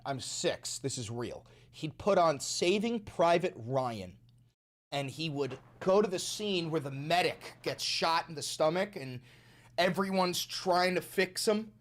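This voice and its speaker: Man, news commentary streamer, cursing, exasperated rant, slightly high voice. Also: animated, unhurried. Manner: profane, exasperated ranting.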